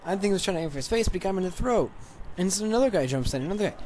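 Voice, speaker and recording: Excited rambling young guy telling a story. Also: sits high, rapid-fire, slight background noise. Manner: rambling, excited, many restarts. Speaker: gaming channel commentator. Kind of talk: casual storytelling over gameplay.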